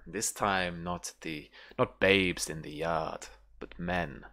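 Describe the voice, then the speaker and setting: A man doing a hushed, sneering rough knight. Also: low voice, steady tone, slow pace, full character voice. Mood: menacing. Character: rough, hungover male knight, mocking and cocky.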